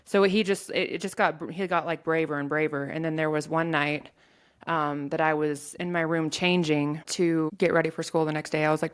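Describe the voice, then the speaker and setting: A woman telling a painful personal story in an interview, in a halting way with many restarts. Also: deep voice, smooth. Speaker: guest sharing her story.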